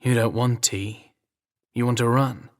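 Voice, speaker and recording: A man's voice: medium pitch, animated, fairly quick, a bit bright, natural voice. A man with an English accent voicing a dry, teasing young royal guard in an audio drama reading. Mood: wry. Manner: wry, dry humour.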